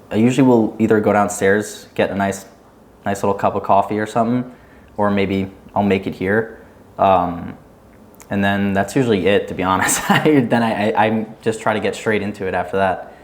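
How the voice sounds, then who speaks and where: A man's voice: on the low side, fairly even intonation, normal speed, pauses often. A young man chatting casually on a podcast, rambling loosely with lots of "like" fillers. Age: young adult. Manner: rambling, loose, heavy use of "like". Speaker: guest.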